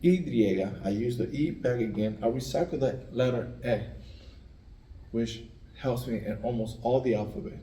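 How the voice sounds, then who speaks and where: A man, teaching the alphabet by slowly repeating each letter sound. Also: medium pitch, warm tone. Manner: slow, repetitive letter drilling. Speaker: language teacher. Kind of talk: spelling out the Spanish alphabet. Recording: echoey room, mic at a distance.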